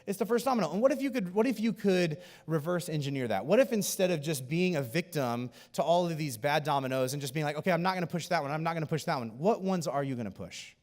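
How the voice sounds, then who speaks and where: Quick high-voiced pastor guy doing a sermon, acts out all the people in his stories, big churchy reverb. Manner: animated storytelling, acting out quoted people. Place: church auditorium.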